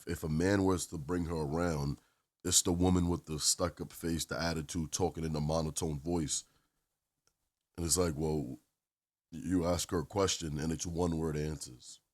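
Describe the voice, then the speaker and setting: Male channel host, very deep bass voice, opinionated reaction commentary, repetitive emphasis. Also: fairly even intonation, measured pace, long pauses. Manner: opinionated, repeats phrases.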